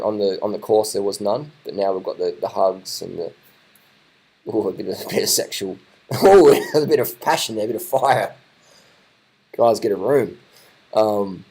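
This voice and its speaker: Brief: lower-voiced guy, loose off-the-cuff video commentary, excitable and repetitive, casual swearing. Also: slightly rough, rough recording. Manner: excitable, rambling, swears casually, repeats himself. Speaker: vlogger commenting on race footage.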